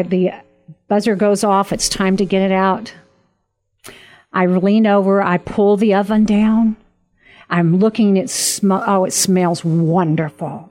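Chatty woman hosting faith talk. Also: medium pitch. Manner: chatty storyteller, animated retellings with laughter. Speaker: host. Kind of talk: casual Christian talk show chat.

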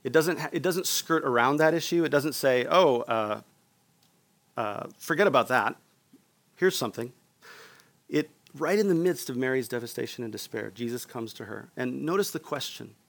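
A male pastor delivers an earnest sermon in a mid-pitched, gravelly voice. He speaks directly to the congregation and often pauses for their response. His tone stays sincere and steady throughout. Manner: earnest preaching, asks the room for responses.

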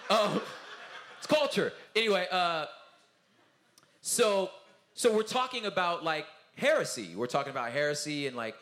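In a roomy event hall, a touring Christian music artist with a medium-pitched voice chats loosely at a conference talkback. He's an animated storyteller, acting out the people he quotes and repeatedly tossing in "you know what I'm saying."

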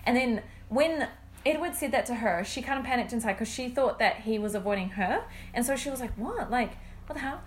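A woman's voice: on the high side, fairly quick. A young woman in casual chat, eagerly retelling a story full of "like" and acted-out quotes. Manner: chatty, filler-heavy, acts out quotes. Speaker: friend recapping a story.

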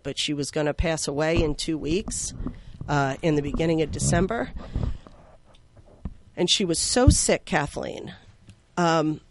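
A woman guest telling a heartfelt personal story, with many fillers, sometimes slow and soft and sometimes loud and excited. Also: fairly low pitch, slight background noise.

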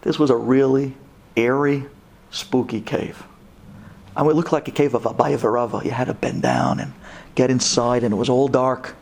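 A man, a rabbi, telling a story to an audience, animated and dramatic, sprinkling in Hebrew terms. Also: normal speed, gravelly. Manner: animated, voice jumps up high for dramatic moments.

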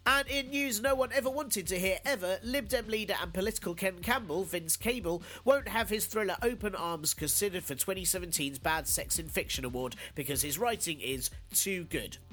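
A man hosting a podcast, stuffed up and nasal from a cold, delivering sardonic news jokes and casual chat. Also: high-pitched. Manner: sardonic, deadpan jokes with fillers. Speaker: podcast host.

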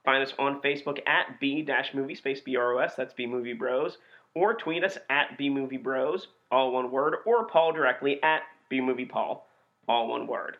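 A young man co-hosting a podcast, chatting casually with an animated, profane delivery. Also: mid-range voice, moderate pace. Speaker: podcast co-host reviewing B movies. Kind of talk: casual chat. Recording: dull lo-fi podcast recording.

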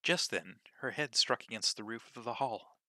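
Man reading a storybook aloud, very bright tone, dry close sound, expressive and measured. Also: mid-range voice, no room sound. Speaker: narrator.

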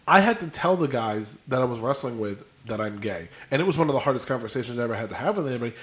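A man's voice: medium pitch, expressive, rapid-fire, a bit bright. Young guy cohosting a podcast, middle voice, chatty and explains stuff. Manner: conversational, explanatory. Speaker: podcast co-host. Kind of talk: casual chat.

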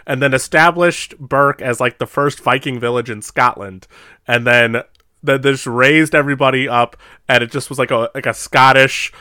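A young man co-hosting a podcast, telling a story in a casual, animated way with plenty of laughs. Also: mid-range voice, normal speed, smooth, no echo, studio quality. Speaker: podcast co-host. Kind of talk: casual chat.

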